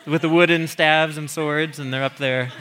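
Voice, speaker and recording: A man's voice: a little high, fairly even intonation, unhurried, bright, forceful tone, slight background noise. A man teaching a sermon on a psalm in a chatty, questioning way, laughing often and asking the audience questions. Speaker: pastor.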